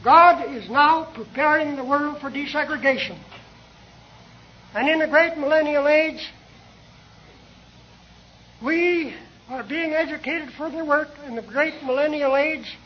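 An older man preaching a sermon in a slow, measured, earnest way, asking rhetorical questions, on a dull lo-fi old tape recording. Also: very high voice, a little hiss or hum.

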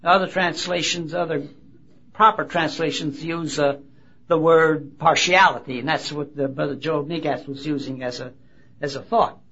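A man delivers a sermon in a husky, bright, rather high voice. He talks haltingly, restarting phrases and pushing up on key words. The recording is dull and lo-fi. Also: fairly even intonation. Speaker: preacher. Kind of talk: sermon with Bible reading. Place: convention gathering.

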